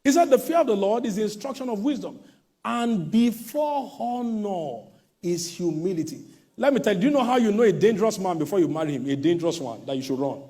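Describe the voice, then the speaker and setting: A male pastor delivering an emphatic sermon, swinging between shouted warnings and hushed asides. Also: high-pitched, animated, a little fast.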